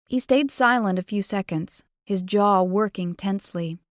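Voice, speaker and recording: A woman's voice: mid-range voice, normal speed, few pauses, dry recording. Dry, close-miked woman reading romance. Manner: expressive, playful first-person storytelling. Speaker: audiobook narrator. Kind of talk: first-person romance audiobook narration.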